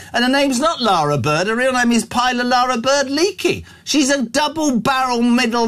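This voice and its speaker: A man hosting live talk radio, chatty and excitable. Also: very high voice. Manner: chatty, excitable, laughs easily. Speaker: radio host.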